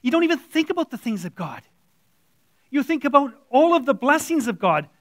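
Male lay preacher, very high pitch, plain-spoken and blunt, dry close recording. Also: big pitch swings, brisk, a bit bright, no echo. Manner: blunt, conversational, acting out quoted voices. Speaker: church elder preaching. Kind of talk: informal sermon. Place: church room with audience.

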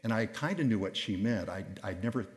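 Low-voiced older male pastor in an echoing hall. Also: expressive, brisk. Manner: conversational, anecdotal, with frequent restarts. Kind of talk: sermon storytelling.

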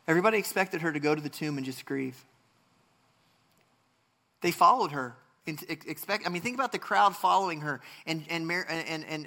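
Male pastor, fairly high bright voice, earnest sermon delivery. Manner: earnest, restarts often, rises to passionate emphasis.

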